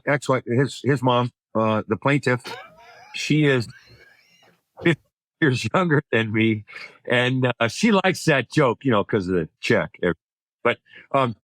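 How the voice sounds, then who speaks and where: Animated man telling funny anecdotes. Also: medium pitch, dry recording. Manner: acts out voices in his anecdotes, punchline-driven; frequent self-repeating restarts. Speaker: guest, recovery comedian. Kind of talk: animated conversational storytelling.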